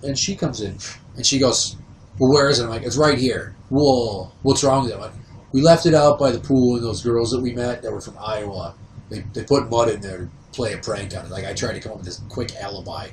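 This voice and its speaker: A man's voice: fairly low pitch, a little fast, slight background noise. A man hosting a podcast, telling a comic story and acting out the people in it. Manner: animated, acts out quoted voices. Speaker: podcast host. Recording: roomy, slightly distant from mic.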